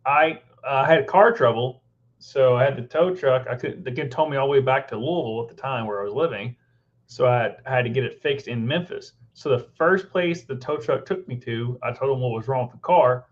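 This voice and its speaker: A man's voice: mid-range voice, brisk. A man co-hosting a casual chat, rambling and circling back to repeat his words. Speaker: podcast co-host. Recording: dull lo-fi recording.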